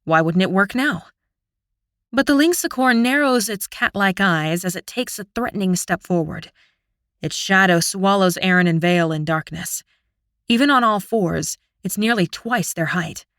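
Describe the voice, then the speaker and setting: Woman, audiobook narrator, expressive dramatic reading, medium pitch, dry close recording. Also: normal speed, dry recording. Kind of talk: first-person audiobook narration.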